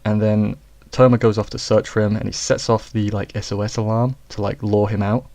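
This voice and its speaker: A man's voice: fairly low pitch, flat delivery, a little fast, dark tone. A man giving a casual, rambling episode review, correcting himself and joking as he goes. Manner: rambling, self-correcting, jokey asides. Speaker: anime reviewer.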